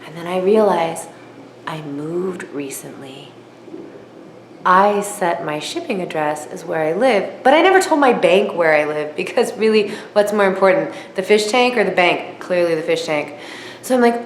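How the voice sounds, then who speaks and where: A woman telling a comic story in a vlog, self-mocking and lively, jumping high in pitch when she quotes herself. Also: normal speed. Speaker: aquarium hobbyist vlogger. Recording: roomy echo with faint noise.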